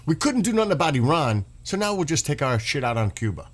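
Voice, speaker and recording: Male streamer, sarcastic exasperated rant, higher voice with big swings in pitch. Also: sing-song, fast. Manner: exasperated, sarcastic, swears, reads posts aloud and mocks them. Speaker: streamer reacting to news. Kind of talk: ranting political commentary.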